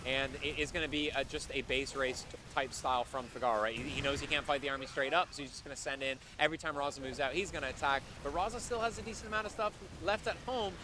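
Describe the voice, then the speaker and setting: A man with a mid-range voice calls a live esports match. His play-by-play is excitable and analytical, breaking down each move as the fight unfolds. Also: medium pitch, fast, hardly any pauses, background noise. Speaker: esports caster. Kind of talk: live game commentary.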